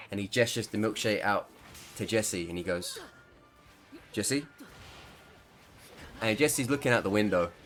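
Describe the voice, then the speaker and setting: A man's voice: medium pitch, fairly bright tone. A man chatting casually over gameplay as a gaming creator, rambling and laughing mid-sentence.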